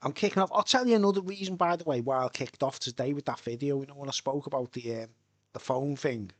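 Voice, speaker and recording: A man's voice: mid-range voice, quick pace, no room sound. A man from Birkenhead with a Merseyside accent, chatting casually on a live stream and tagging "right?" onto his sentences. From Birkenhead, England. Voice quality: chatty, repeats "right?" often. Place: home, tent with soundproof tiles.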